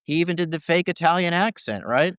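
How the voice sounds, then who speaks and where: A man's voice: fairly high pitch, lively intonation, a little fast, fairly bright tone, clean tone, no echo, studio quality. A man answering interview questions as a scholar, talking in long explanations and checking in with "right?" between points. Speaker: First Amendment scholar guest.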